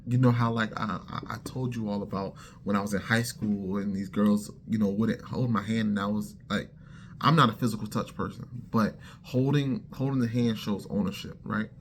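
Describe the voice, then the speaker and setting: A man sharing his personal faith testimony as a lively story, talking straight to his listeners and acting out the lines of the people in it. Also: on the low side, moderate pace, a little hiss or hum. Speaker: testimony speaker.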